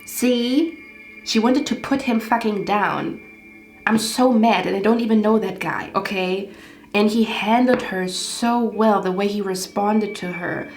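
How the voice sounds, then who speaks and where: Measured in pace and mid-range in pitch, a female tarot reader wanders through a loose reading, growing worked up and cursing frequently. Faint music plays in the background of an echoey room.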